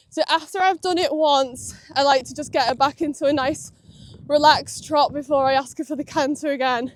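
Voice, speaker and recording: At a stable yard's outdoor riding arena, a young equestrian vlogger chats casually while she rides, heaping praise on her horse. Her voice is high and steady in tone, and she speaks at a normal speed.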